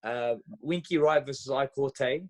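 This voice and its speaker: A man, a podcast guest telling stories in a lively, casual way, full of fillers and restarts. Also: medium pitch, measured pace. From Australia. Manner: animated storyteller, acts out dialogue, frequent fillers and restarts. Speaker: podcast guest, former boxer. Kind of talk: casual interview storytelling.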